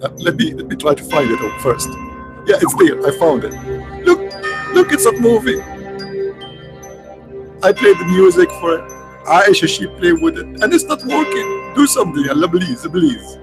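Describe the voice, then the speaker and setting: A man's voice: sits high, big pitch swings, normal speed, long pauses, music in the background. A man putting on a whining, embarrassed man who pleads for help. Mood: whiny pleading. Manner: whiny, pleading.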